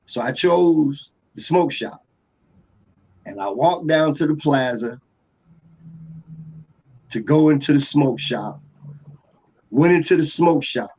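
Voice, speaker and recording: A music producer from Atlanta telling a rambling story in a casual interview, full of restarts and fillers. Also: male voice, a little high, lively intonation, slow, long pauses, darkish tone, husky. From Atlanta, USA. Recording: dull lo-fi podcast audio.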